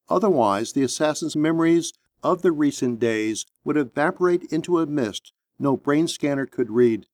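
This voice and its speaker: A man narrating an action story in a steady, measured audiobook reading. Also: a little high, no room sound.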